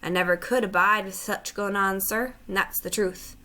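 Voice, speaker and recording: A humble Cockney cab driver, read by a woman, deferential and folksy, with hesitant, plain-spoken turns of speech. He sits at a middling pitch and talks in a storybook read aloud. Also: steady tone, moderate pace, bright, forceful tone, natural voice. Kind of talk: audiobook reading.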